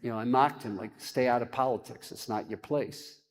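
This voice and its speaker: Male rabbi, mid pitch, dramatic sermon delivery, long hall echo. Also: normal speed. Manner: dramatic, chants verses then explains. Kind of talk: teaching a sermon.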